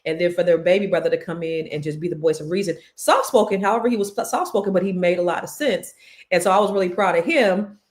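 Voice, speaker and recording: A woman's voice: lowish voice, quick pace. A woman, telling a family story in casual chat, her voice jumping up when she quotes people. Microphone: live stream mic.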